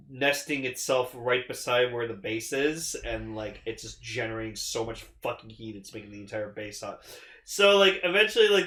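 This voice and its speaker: Excitable young man in an echoey room. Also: medium pitch. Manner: excitable, swears a lot, acts out characters' lines. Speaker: podcast co-host. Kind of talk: casual chat recapping an episode.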